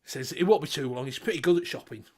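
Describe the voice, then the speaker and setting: A Northern English man with a fairly high, very lively voice. He tells a long joke in a loose, sweary way and puts on voices for the people in it. The talk is easygoing and casual. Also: fast talker, husky. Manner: animated storyteller, swearing freely, voicing characters. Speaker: vape show co-host. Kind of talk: casual banter, telling a long pub joke.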